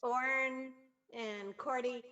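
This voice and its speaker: A woman's voice: sits high, fairly even intonation, slow pace, bright, forceful tone. A woman organizer speaks earnestly and with appreciation on a video call. Her voice sits a little distant from the mic. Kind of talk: casual video-call chat.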